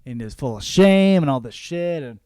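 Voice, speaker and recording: A man's voice: a little high, lively intonation, moderate pace, a little mellow, clean tone, no room sound, clean studio sound. Casual, profane young man reviewing a book. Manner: casual, profane, acts out characters' lines. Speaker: podcast host.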